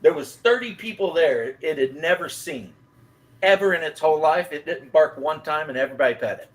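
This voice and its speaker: A man chatting casually on a live stream, telling rambling, animated stories. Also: fairly high pitch, fairly quick. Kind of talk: casual chat.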